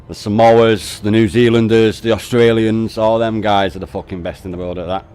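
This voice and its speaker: A man's voice: on the low side, level tone, normal speed, a little mellow, clean tone. A man, chatting casually on a game stream, swearing constantly and laughing often as he banters with his viewers. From North West England.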